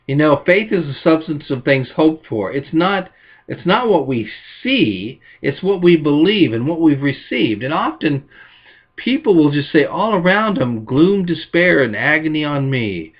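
A man preaching a sermon as pastor, telling stories and acting out quotes with lively emphasis. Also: a little high, a little slow, husky, highs cut off.

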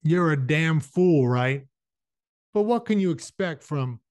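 A man's voice: a little high, lively intonation, takes it slowly, no room sound, pitched above the performer's own voice. Man doing a taunting gunslinger. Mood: insulting. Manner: taunting, soft-spoken menace. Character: menacing male hired gunslinger.

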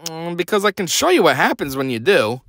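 A man doing a quick, smug impression of a politician making a veiled threat. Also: fairly high pitch, sing-song, a bit bright.

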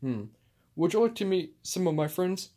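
A man voicing a calm, patient superhero, talking hesitantly with many fillers in home toy play-acting. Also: sits high, normal speed.

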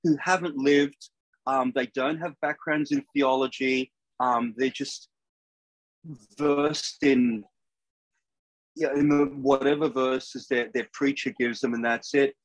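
An older man hosting an interview over a video call, speaking in a measured, thoughtful way. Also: medium pitch, fairly even intonation, no room sound, rough recording. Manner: measured, thoughtful, with small restarts. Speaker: podcast host.

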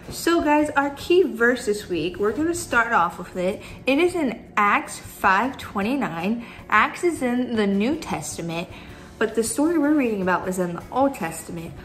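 A woman's voice: on the high side, fairly bright tone, rough recording. A young woman teaching a children's church lesson, chatty and upbeat, talking straight to the kids. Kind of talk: Bible story lesson for kids.

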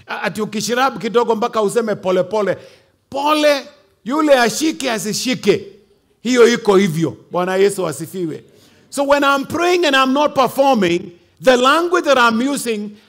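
Here a male Kenyan bishop preaches forcefully, adding asides in Swahili and Kikuyu. His voice, high for a man, is a bit bright.

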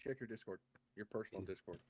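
A man's voice: lowish voice, fast, darkish tone, slightly rough. A man teasing his friends over voice chat during a gaming stream.

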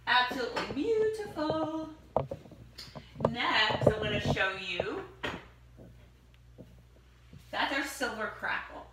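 A woman chatting enthusiastically as she shows off home decor products one by one. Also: medium pitch. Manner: enthusiastic, chatty, gushing over items. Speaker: product demonstrator. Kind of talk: casual product showcase. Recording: echoey room, distant mic, noisy.

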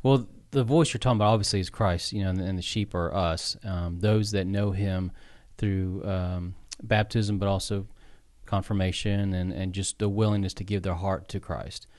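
A low-voiced man co-hosts a casual faith podcast. He offers quick agreement and then reflects at length. The mic is close and dry, with no room sound. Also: steady tone, darkish tone, dry recording. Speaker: podcast co-host.

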